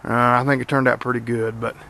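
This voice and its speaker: A man's voice: mid-range voice, flat delivery, fast talker, creaky, bright, forceful tone. A young man casually showing off his repainted car outdoors, rambling with fillers and restarts. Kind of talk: casual walkaround vlog.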